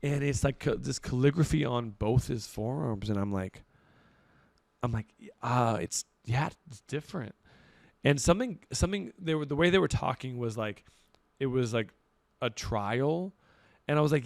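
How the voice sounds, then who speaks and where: A man's voice: medium pitch, normal speed, gravelly, no room sound. A young man co-hosting a podcast, chatting casually about styling clients in a laid-back, rambling way with lots of fillers. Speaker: podcast co-host and celebrity stylist. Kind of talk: casual chat.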